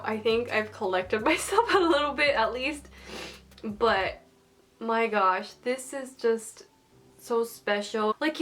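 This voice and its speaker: A woman chatting casually as a fan, gushing and emotional, with lots of fillers. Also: fairly high pitch. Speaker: manga fan reviewer.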